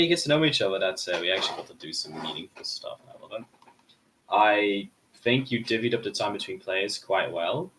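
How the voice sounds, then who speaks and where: A man's voice: fairly low pitch, fairly bright tone, a little hiss or hum, rough recording. A man, a tabletop player, chatting eagerly and bluntly with crude language. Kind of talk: casual chat.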